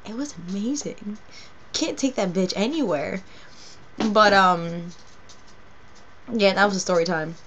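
A woman's voice: medium pitch, measured pace, long pauses, noisy background. Young new york woman vlogging, cussing a lot, rambly laid-back storytime. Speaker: vlogger and cosplay performer. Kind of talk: casual story-time vlog.

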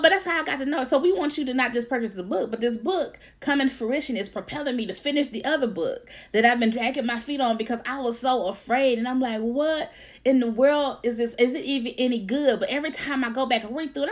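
A woman hosting a casual faith-based livestream, lively, laughing often and greeting viewers by name. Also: high voice, fast. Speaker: author and livestream host.

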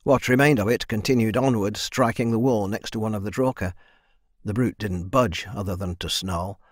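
A man's voice: lowish voice, normal speed, dry recording. Man narrating a fantasy audiobook, dry.

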